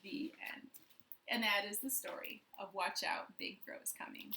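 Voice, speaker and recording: A woman, a children's librarian, reading aloud at storytime from her living room in a gentle, playful way. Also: mid-range voice, wildly swooping pitch, unhurried, gravelly, reverberant, slight background noise.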